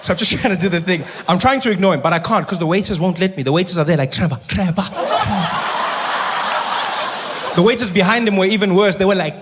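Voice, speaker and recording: A man telling a story on stage as a stand-up comedian, animated and self-mocking with quick asides. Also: high-pitched, very noisy.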